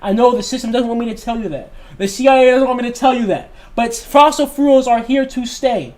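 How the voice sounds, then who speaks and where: A man's voice: very high-pitched, fairly quick, darkish tone. Passionate man ranting on a livestream. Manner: passionate, emphatic, repeats points. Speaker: livestream host. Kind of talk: casual livestream talk.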